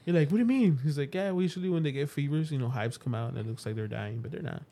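Excitable laughing guy on a podcast. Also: mid-range voice, very fast, creaky. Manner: laughing often, excitable, profane. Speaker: podcast co-host. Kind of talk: casual podcast banter.

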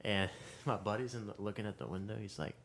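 A man guesting on a podcast, an animated storyteller who swears and laughs through his anecdotes. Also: fairly low pitch, fast talker, slight background noise. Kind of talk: casual chat.

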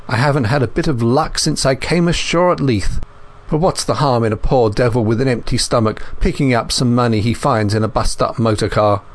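A hungry, down-and-out man talks roughly and surlily, sliding into a beggar's whine, as a male narrator puts him on. It is a storybook character voice in a thriller reading. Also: mid-range voice, close to an everyday voice. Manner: rough, surly, whining. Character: surly down-and-out man, hungry and whining. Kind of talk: audiobook character voice.

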